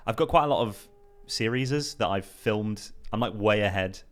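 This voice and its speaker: A man's voice: fairly low pitch, normal speed. A young British man, a card-counting guest, telling stories in an easygoing, self-deprecating way on a casual podcast. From United Kingdom.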